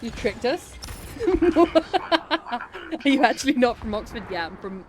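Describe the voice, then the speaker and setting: A woman's voice: fairly high pitch, a little slow. A young adult woman streaming, chatting candidly and self-deprecatingly while she plays and reads chat aloud. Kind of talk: casual chat while gaming. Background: game music.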